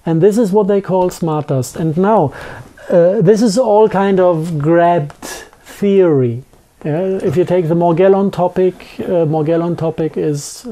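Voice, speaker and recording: A man speaks English with a thick German accent. His tone is very dark and mellow. He talks haltingly as an interview guest, restarting phrases and filling pauses with ums. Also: on the high side. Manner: halting, with many restarts and fillers. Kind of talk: conversational interview.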